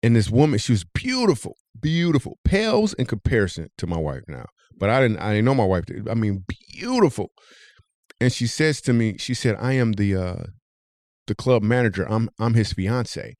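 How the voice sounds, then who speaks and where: Animated storytelling man, dry sound. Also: normal speed, dry recording. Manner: animated, jumps high when telling the punchline. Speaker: comedian and podcast host.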